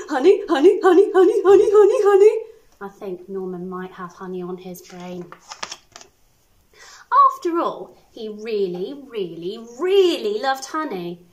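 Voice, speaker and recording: A woman primary school teacher reading a picture book aloud to children, expressive with little asides. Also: a little high, low-quality recording. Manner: animated, expressive storytelling with asides.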